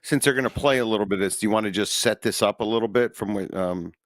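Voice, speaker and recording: Low-voiced podcast host man. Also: fast, no room sound. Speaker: comedian co-host. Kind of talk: casual podcast banter.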